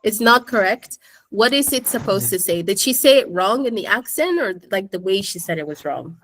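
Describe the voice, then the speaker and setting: A woman's voice: mid-range voice, animated, normal speed, fairly bright tone, slight background noise. Chatty woman teaching a class. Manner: chatty, keeps addressing the class. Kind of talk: casual screen-share tutorial.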